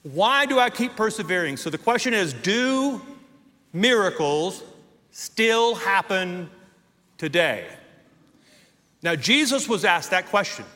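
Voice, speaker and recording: A middle-aged man preaches a sermon in a high, bright, forceful voice. He leans hard on key words, drawing them out and climbing to shouts. The sound rings with the long reverb of a large church hall. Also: animated. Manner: emphatic preaching, drawn-out stressed words, rising to shouts. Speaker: pastor.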